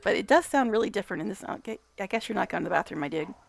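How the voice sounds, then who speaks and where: A woman's voice: medium pitch, animated, racing, creaky, dry recording. A woman giving casual gameplay commentary, chatty, talking to the game characters, swearing and laughing often. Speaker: gamer vlogger.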